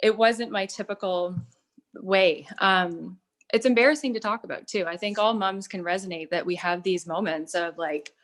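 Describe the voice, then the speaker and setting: A woman in her thirties telling her personal story in a testimonial, earnest and halting, with many fillers and restarts. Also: mid-range voice, a bit bright. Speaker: product testimonial speaker.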